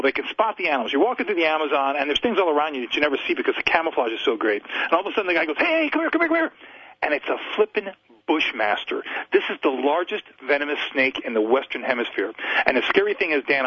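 A man telling animated stories as a guest on a radio show, emphatic and excitable, his voice jumping up and down as he talks. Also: breathy edge, dry recording, dull audio. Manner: excitable, emphatic storyteller with big pitch jumps. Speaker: zoo spokesperson and guest. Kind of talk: animated storytelling on a radio call-in.

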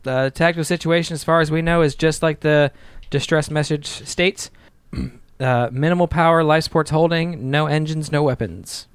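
A man with a smooth, resonant voice serves as game master and speaks for the ship's captain in a tabletop role-play. He talks a little high for a man and stops often with small "uh" fillers. The sound is dry and close. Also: steady tone, moderate pace, dry recording. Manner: hesitant, many "uh" fillers.

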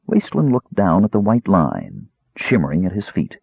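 A man narrating an audiobook with expressive storytelling. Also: deep voice, normal speed, vocal fry, breathy edge, no room sound. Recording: tinny lo-fi narrow band.

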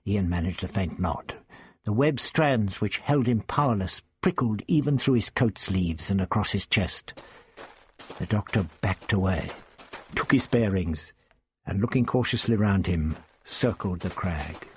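Expressive male audiobook narrator. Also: on the low side, unhurried, breathy edge, dry recording.

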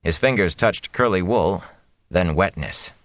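A man reading an audiobook in a steady, measured storytelling manner. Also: sits low, no room sound. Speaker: audiobook reader. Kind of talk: audiobook narration.

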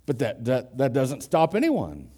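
A man preaching a sermon, explaining a Bible passage and slowing down to stress key words. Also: mid-range voice, huge pitch swings, warm tone, husky.

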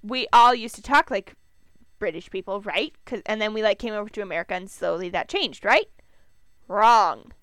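A woman's voice: medium pitch, lively intonation, fairly quick, a bit bright, no echo. A young woman with a Minnesotan accent, co-hosting a podcast in a chatty, rambling way. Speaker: podcast co-host. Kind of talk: casual chat.

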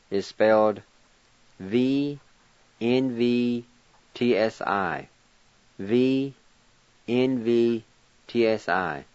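A man's voice: mid-range voice, no echo, muffled recording. A man teaching word pronunciation, spelling each word letter by letter and encouraging learners. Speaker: language teacher and radio host. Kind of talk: slow spelling and pronunciation lesson.

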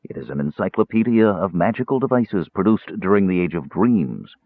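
A man reading an audiobook and voicing a cold, sinister, frail young male mage who speaks calmly and grimly. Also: deep voice, no room sound. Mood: cold, measured. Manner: calm, grim and measured. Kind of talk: audiobook character voice. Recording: tinny phone-like audio.

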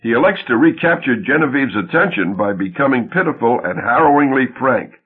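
A man narrating an audiobook in a husky voice. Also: mid-range voice, expressive, fairly quick. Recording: tinny phone-like sound.

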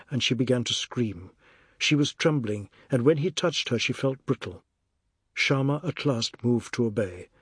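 Brief: male narrator, breathy texture, dead-dry booth, steady literary read. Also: medium pitch, no room sound. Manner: measured, even storytelling. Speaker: audiobook narrator.

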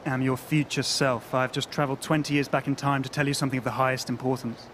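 A man acting in comedy sketches, earnest and deadpan. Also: mid-range voice, quick pace. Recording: noisy background.

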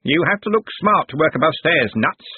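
A man plays a pompous, bossy old male candle keeper, blustering and barking orders in a voice raised above his natural one. The delivery is fairly high, animated, fairly quick and breathy, recorded dry with a tinny, phone-like sound.

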